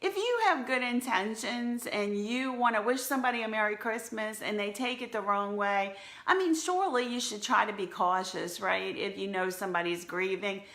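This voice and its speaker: Bright-voiced woman, earnest and candid. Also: mid-range voice, animated, normal speed. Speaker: church media director. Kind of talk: heartfelt live video talk. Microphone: phone camera for a live stream. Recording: echoey room.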